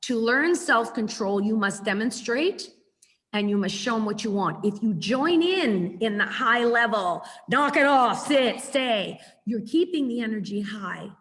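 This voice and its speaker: A woman dog trainer teaching a webinar over a video call, chatty and lively, repeating words for emphasis. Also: a little high, a little slow. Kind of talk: webinar lesson. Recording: echoey video call audio.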